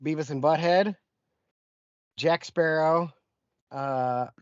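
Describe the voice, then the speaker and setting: A man's voice: on the high side, slow pace, smooth, dry recording. A man co-hosting a podcast in casual chat, rambling through lists with lots of ums and chuckles. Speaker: podcast co-host. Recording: dry, muffled lo-fi podcast audio.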